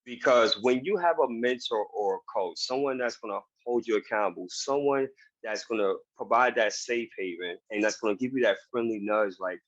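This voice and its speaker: A man's voice: mid-range voice, moderate pace, dry recording. A man speaking earnestly and emphatically as a guest in a motivational interview, recorded over a video call. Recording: dull, dry video call audio.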